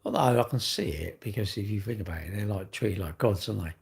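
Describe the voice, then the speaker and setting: An English man in middle age chats on a casual livestream with a gravelly, low voice. He rambles along with plenty of tag questions. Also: quick pace. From England. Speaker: livestream host.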